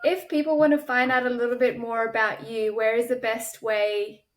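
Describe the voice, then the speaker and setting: A woman hosting an interview, asking measured questions and affirming her guest's answers. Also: on the high side, little pitch movement, rough recording. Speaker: interview host. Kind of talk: conversational interview.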